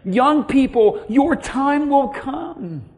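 High-voiced pastor preaching dramatically. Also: male voice, animated, extremely slow. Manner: preaching with dramatic swings in loudness and acted-out quotes. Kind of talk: sermon.

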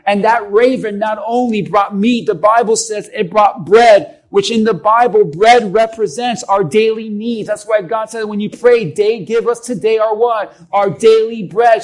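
A man's voice: sits high, poor audio. A man preaching a sermon as a pastor, emphatic and calling on the congregation to respond.

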